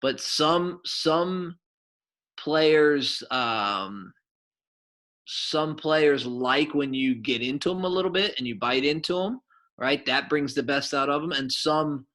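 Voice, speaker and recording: A middle-aged man, a soccer coach and former goalkeeper, telling stories to kids in a rambling, animated way with lots of fillers. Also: a little high, slow. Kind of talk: casual storytelling to kids.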